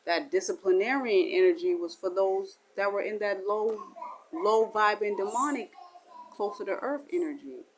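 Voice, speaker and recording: A woman giving spiritual talk as a channeler, acting out voices and ending in a low, hushed blessing. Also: moderate pace, a little hiss or hum, low-quality recording. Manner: animated, acts out dialogue in shifting voices.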